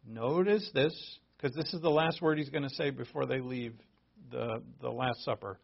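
Gravelly man preaching a casual sermon. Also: fairly high pitch, expressive, unhurried. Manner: conversational, emphatic, frequent restarts and asides. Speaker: pastor. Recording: dull lo-fi audio.

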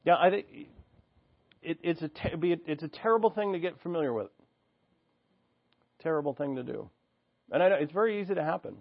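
A man's voice: a little high, expressive, a little fast, gravelly, long pauses, dry recording, lo-fi sound. A man preaching an expository sermon, reading scripture aloud and explaining it in an earnest, teaching way, thinking aloud with restarts.

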